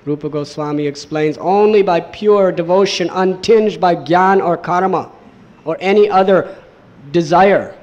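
A man with a fairly high voice tells a devotional story as a sermon. His delivery is animated, with repeated words for emphasis. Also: measured pace, muffled recording. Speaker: storyteller, preacher.

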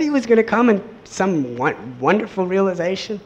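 A man with a fairly high voice tells a devotional story as a sermon. His delivery is animated, with repeated words for emphasis. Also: normal speed, lo-fi sound, slight background noise. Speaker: storyteller, preacher.

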